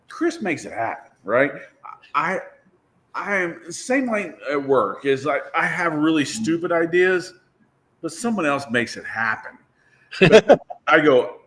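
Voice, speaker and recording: A man's voice: fairly high pitch, lively intonation, slow pace, long pauses, a bit bright. A man, a drag racer and guest, telling a story about his car in a loose, self-deprecating way, laughing and swearing as he goes. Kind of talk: casual storytelling.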